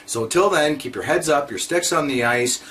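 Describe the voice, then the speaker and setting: A man's voice: a little high, moderate pace, fairly bright tone. Blunt man scolding his viewers. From Canada. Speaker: vlogger. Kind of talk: ranting monologue to camera.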